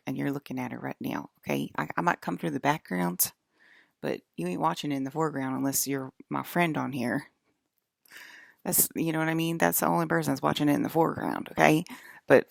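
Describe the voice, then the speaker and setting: A woman with a low, deeply gravelly voice rambles to her viewers in a casual vlog. She hammers her points home by saying them again and again, talking straight at the audience. The sound is dry and close. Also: dry recording. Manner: emphatic, repeats herself, addresses viewers directly. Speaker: vlogger.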